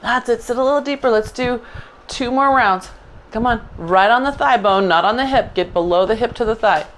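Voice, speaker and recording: A woman's voice: fairly high pitch, normal speed, a bit bright, slight background noise. Upbeat woman cueing a Pilates class. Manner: encouraging, upbeat cues with frequent "good". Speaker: Pilates instructor. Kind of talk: live online class instruction.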